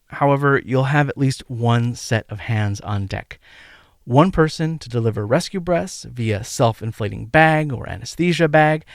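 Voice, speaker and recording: A man hosting a medical teaching podcast, delivering a scripted lecture in a measured, emphatic way and counting out rhythms aloud. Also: mid-range voice, vocal fry, no echo, clean studio sound. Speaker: podcast host and medical educator.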